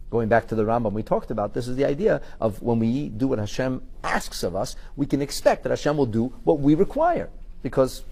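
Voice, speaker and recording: A man leads a live-streamed Torah class in a husky voice that rises and falls widely. He quotes Hebrew verses and explains them in an expressive, teacherly way. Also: mid-range voice, moderate pace.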